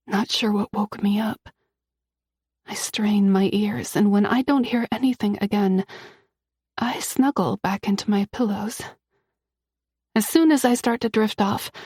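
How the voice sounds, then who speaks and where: A woman narrating a first-person thriller romance audiobook in a tense, dramatic way, often sinking to a breathy whisper. Her voice is husky and mid-pitched. The recording is dry and close. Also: darkish tone, no echo.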